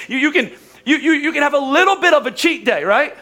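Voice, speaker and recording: Male pastor, high voice, joking and animated preaching, repeats phrases. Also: very fast. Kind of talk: lively conversational sermon.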